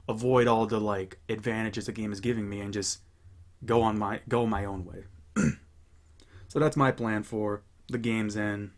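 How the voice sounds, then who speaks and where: A young man chatting casually as host of a gaming channel, rambling and relaxed with many fillers and restarts. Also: on the low side. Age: young adult. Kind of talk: casual chat.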